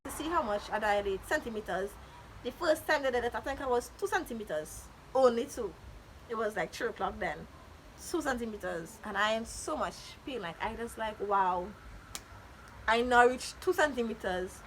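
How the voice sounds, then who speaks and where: A woman vlogger telling a story in a casual storytime style, animated and dramatic, often quoting other people in her retelling. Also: a little high, normal speed, a little hiss or hum, poor audio.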